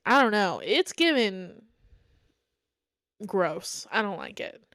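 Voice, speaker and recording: Young woman, solo podcast host, chatty and rambling, smooth voice a little higher than usual, close and dry mic. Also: big pitch swings, slow pace, a bit bright, no echo. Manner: rambling, frequent "like" and "um", candid opinions. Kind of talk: casual solo chat about reality TV.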